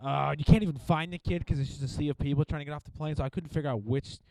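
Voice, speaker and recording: A young man from Missouri co-hosting a comedy podcast, telling travel stories in a casual, animated way with mocking impressions. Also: on the high side, racing, creaky, no echo.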